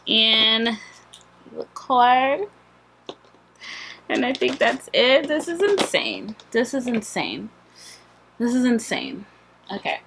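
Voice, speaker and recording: Slow-talking excited woman vlogger. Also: fairly high pitch, slight background noise, low-quality recording. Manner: excited, breathless, repeats herself. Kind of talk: casual vlog.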